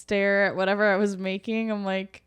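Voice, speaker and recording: A woman's voice: medium pitch, brisk, clean tone. Chatty woman telling funny stories. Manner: chatty storyteller, animated impressions. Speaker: podcast co-host. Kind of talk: casual chat.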